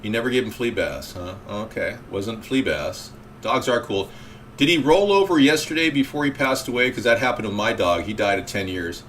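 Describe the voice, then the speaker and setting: A man's voice: on the low side, lively intonation, moderate pace, fairly bright tone. Male talk host, rambling call-in chat, faint hiss behind. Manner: rambling, reacting to callers and chat.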